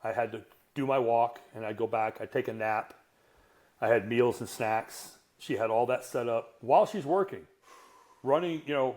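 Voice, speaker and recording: A man's voice: mid-range voice, a little mellow. A man in his sixties, a strength coach on a podcast, telling a personal story in a blunt, profane, self-mocking way. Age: 60s. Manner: earthy, self-mocking humor. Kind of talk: candid conversational storytelling.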